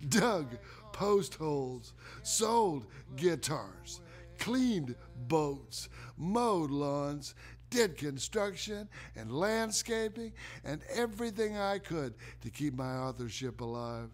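A middle-aged man performs a one-man stage monologue about his own life. His voice sits a little high for a man, and he speaks very slowly, with drawn-out, deliberate pauses. Faint music plays behind him. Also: big pitch swings. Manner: slow, deliberate storytelling with dramatic pauses. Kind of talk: theatrical spoken monologue.

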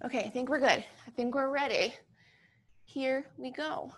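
Speaking at a moderate pace in a high-pitched voice, a young woman runs an upbeat kids' movement class with music. She's playful and encouraging, like a sing-song teacher, while a children's song plays faintly behind her.

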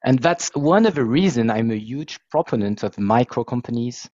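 A man from France with a French accent, presenting his background on a video call in a self-deprecating, halting way. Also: mid-range voice, lively intonation, a little mellow, no room sound, highs cut off. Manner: self-deprecating, hesitant restarts. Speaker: software founder and facilitator.

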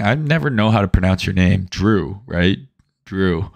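Low-ish dude on a trading stream, chatty and sweary, always going "right?". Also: male voice, fairly even intonation, a little slow, creaky. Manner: conversational, profane, reads chat aloud, frequent "right?". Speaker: livestream host, trading educator. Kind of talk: casual livestream talk.

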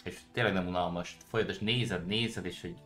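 A man commentating casually as he streams a video game, his voice very deep but bright in tone. Faint game music plays behind him. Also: fast. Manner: relaxed, chatty.

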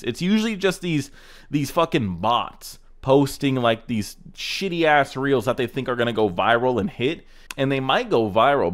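A man hosting a casual reaction video, ranting sarcastically and swearing as he mocks car clips. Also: mid-range voice. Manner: sarcastic, ranting, profane roasting.

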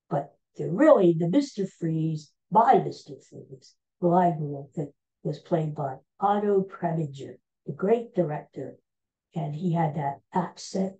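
A man's voice: a little high, unhurried, dark tone, highs cut off. A man in his sixties hosting a podcast in casual chat, rambling and hesitant with many filler sounds. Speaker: podcast host.

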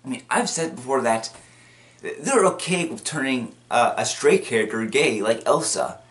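A man's voice: medium pitch, animated, moderate pace, fairly bright tone. A man casually recapping a cartoon episode, rambling and repetitive with many restarts, bursting into acted quotes. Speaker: video commentator.

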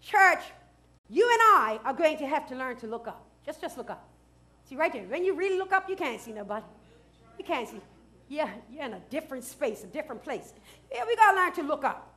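A woman pastor preaching a sermon, dropping to hushed asides and rising to loud shouts, with features. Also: high voice, big pitch swings, brisk. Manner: swings from hushed asides to loud shouted declarations, laughs often.

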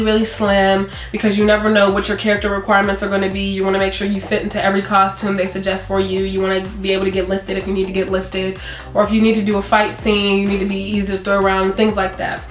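A young woman vlogger chatting casually, telling an animated story and acting out quotes in a higher voice. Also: quick pace. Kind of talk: casual chat. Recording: echoey room with faint music.

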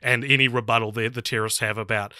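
A young man co-hosting a casual film review podcast, chatty and laughing often, with halting restarts. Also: medium pitch, steady tone, bright, forceful tone, no echo, studio quality. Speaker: podcast co-host.

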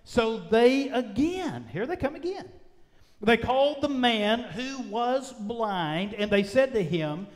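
A male pastor preaching a sermon, with emphatic drawn-out phrases that swing between loud and soft. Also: extremely high pitch, sing-song. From United States. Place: church sanctuary. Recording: long reverb of a church sanctuary.

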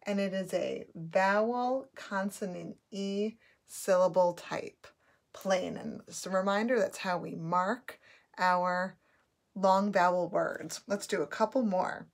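A woman teaching a phonics lesson, sounding out letters and words patiently for children to repeat. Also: medium pitch.

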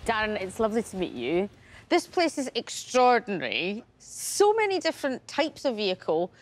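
A woman's voice: medium pitch, wildly swooping pitch, moderate pace, soft background music. A woman with a Glaswegian accent presenting on location in a car museum, chatty and jokey.

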